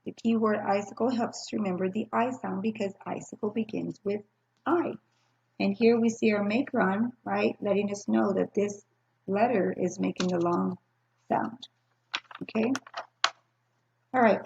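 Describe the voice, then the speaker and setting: A woman teacher leads young children through a recorded phonics lesson, speaking patiently and spelling out each sound. Her voice has a gravelly fry at mid pitch. It comes through a slightly dull, lo-fi computer microphone. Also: darkish tone. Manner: patient, slow and clearly spelled-out teaching with pauses for answers. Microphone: screen-recording computer mic.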